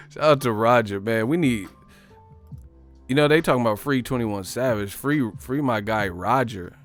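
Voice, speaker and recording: Profane, riffing livestream host with faint music. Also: male voice, medium pitch, normal speed. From San Francisco Bay Area. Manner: profane, laughing, slangy, animated riffing. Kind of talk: casual livestream commentary.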